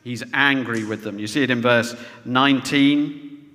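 A man's voice: medium pitch, unhurried, sharp tone. A man preaching a sermon to a congregation, often ending points with rhetorical tag questions. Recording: long reverb of a large hall.

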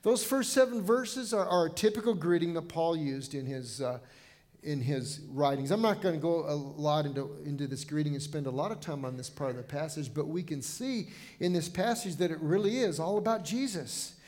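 A man's voice: fairly high pitch, normal speed, a little mellow. A man pastor delivering a sermon in an earnest, conversational way, often restarting his phrases as he thinks aloud.

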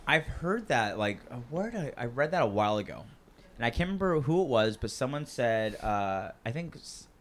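A man's voice: medium pitch, very animated, moderate pace, a bit bright. Rambling, jokey man in casual chat. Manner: rambling, jokey, hesitant restarts.

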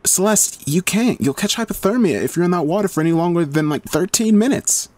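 A man's voice: high-pitched, expressive, brisk, a little mellow, dry recording, voice pushed up. A man voicing a bossy, tense young woman who argues and scowls, in a raised voice. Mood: tense, arguing.

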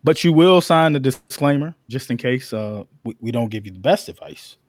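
Lively, joking man on a podcast. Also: mid-range voice, moderate pace. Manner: joking, storytelling, swears freely. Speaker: podcast co-host. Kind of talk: casual podcast banter.

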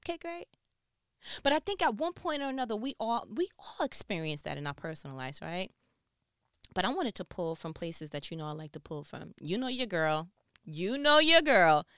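Playful woman host, slightly high, smooth, close dry sound. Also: no room sound. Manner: animated, playful, acts out quotes. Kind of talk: casual monologue commentary.

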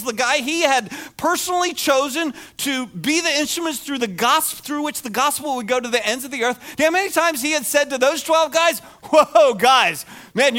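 A man preaching a sermon to his congregation, animated and acting out the words of the people in the story. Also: extremely high pitch. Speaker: pastor.

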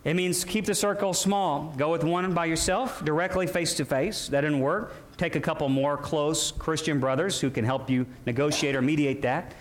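A man's voice: on the high side, steady tone, moderate pace, few pauses. A man pastor preaching a sermon, calling out to the congregation and shifting his emphasis as he goes. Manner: preaching with call-and-response asides and shifting emphasis.

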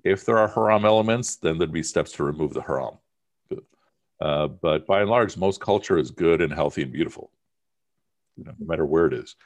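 A man's voice: rumbling low, animated, a little fast. A man teaching an informal religion class, talking in a conversational, emphatic way with plenty of fillers.

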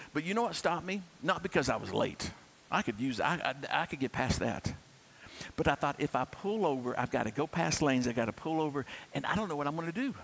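A man's voice: medium pitch, a bit bright, a little hiss or hum, poor audio. A male pastor preaching a sermon in a candid, conversational storytelling way, asking his listeners rhetorical questions.

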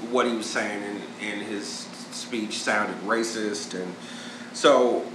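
A man hosting a podcast, retelling news in a halting, chuckling way. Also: lowish voice, steady tone, echoey room, background noise. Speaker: podcast host. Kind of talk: casual chat.

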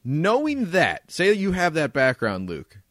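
A man's voice: on the high side, huge pitch swings, unhurried, fairly bright tone, no room sound, clean studio sound. A man co-hosting a podcast, chatting casually at someone's home, joking and laughing often. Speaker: podcast co-host. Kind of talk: casual chat. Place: indoors, home.

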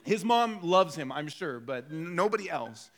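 A man preaching a sermon in a bright, ringing voice that sits high for a man. He tells stories with lively, acted-out quotes and a joking tone, pulling the congregation along. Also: normal speed. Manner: animated storytelling with acted-out quotes. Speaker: pastor.

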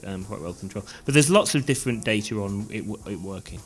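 A man co-hosting a casual podcast, animated and reading facts aloud with hesitant restarts. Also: fairly low pitch, fast, faint music behind. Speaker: podcast co-host.

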